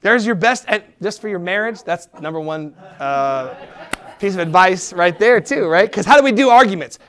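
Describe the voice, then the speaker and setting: A middle-aged man preaching a sermon, animated, acting out quoted voices and dropping to a soft tone for encouragement. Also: high-pitched, moderate pace. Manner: drops to a soft, quiet tone for encouragement. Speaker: pastor.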